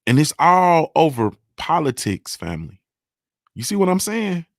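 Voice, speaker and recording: A man's voice: fairly high pitch, big pitch swings, a little slow, no echo, studio quality. A man hosting a morning show, ranting about politics in an emphatic, profane way and often asking if listeners understand. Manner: emphatic, profane, keeps asking "you understand what I'm saying?". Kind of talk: unscripted political rant.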